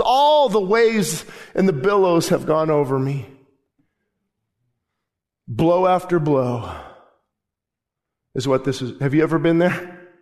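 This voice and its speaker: A pastor preaches with fervent, emphatic drive, stacking repeated phrases for weight. His voice sits high for a man. The sound rings with the long reverb of a large church hall. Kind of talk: sermon. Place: church sanctuary.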